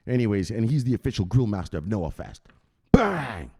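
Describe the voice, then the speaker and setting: A man's voice: on the low side, quick pace. A man hosting a crypto channel at home at night, rambling and swearing in casual vlog chat. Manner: profane, rambling, animated.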